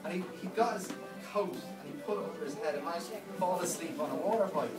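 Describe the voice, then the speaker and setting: A man giving a best man's speech at a wedding, telling a story and quickly acting out what others said. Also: on the high side. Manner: anecdotal, playing others' lines in quick quotes. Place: wedding reception hall. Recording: echoey hall, speaker far from mic, loud music.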